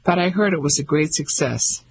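A man's voice: on the high side, normal speed, vocal fry, slight background noise, rough recording. A man voicing a self-assured, mocking male fisherman who teases and bluffs in an audiobook reading. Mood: amused. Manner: mocking, confident.

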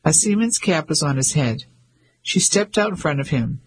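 A man reading an audiobook as narrator, with measured storytelling. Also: a little high, lively intonation, a little hiss or hum, poor audio. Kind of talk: scripted narration.

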